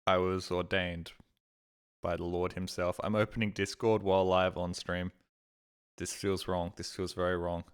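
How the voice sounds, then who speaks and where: A man's voice: low-pitched, little pitch movement, normal speed, smooth. Sweary, rambling male streamer. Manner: rambling, sweary, self-deprecating. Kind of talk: casual live-stream chat.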